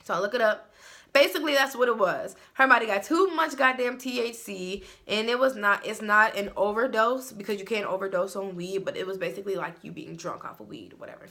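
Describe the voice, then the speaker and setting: A woman's voice: mid-range voice, a little fast, pushed and bright. A woman vlogger telling a story from her room at home, in a loose, profane way, full of fillers. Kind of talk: casual storytime monologue.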